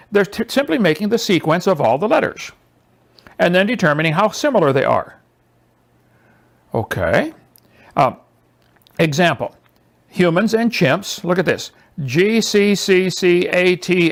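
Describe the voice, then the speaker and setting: A man lecturing a small audience, sarcastic and mocking, with an animated, emphatic delivery. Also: fairly high pitch, moderate pace. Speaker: presenter.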